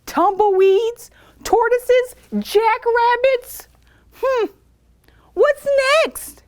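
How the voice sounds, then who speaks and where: A woman voicing a grumpy male cactus who yells at visitors to keep out. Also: extremely high pitch, very animated, drawn-out words, full character voice. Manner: yelling, huffy.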